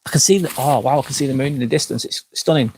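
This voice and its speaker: A man in his forties hosts a live stream outdoors at night and is slurring after a few drinks. He talks in a frank, rambling way, swears freely, and answers viewers' comments in a middle-pitched voice. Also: fast, darkish tone, a little hiss or hum. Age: 40s. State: tipsy, slurring. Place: outdoors at night by a campsite fire pit.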